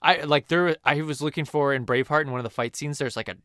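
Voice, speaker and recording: A man's voice: fairly high pitch, fast, clean tone, dry recording, clean studio sound. A man co-hosting a casual movie podcast, sharing film trivia with lots of fillers. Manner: animated, shares film trivia with filler words. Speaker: podcast co-host.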